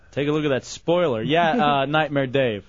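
A man's voice: a little high, no room sound, lo-fi sound. A man hosting a radio show, laughing, teasing a co-host and reading listener messages. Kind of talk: radio banter.

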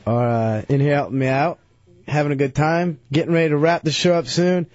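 A man's voice: a little high, steady tone, brisk, a little mellow. Laid-back male radio host. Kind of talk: casual radio chat. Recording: dull, dry lo-fi radio recording.

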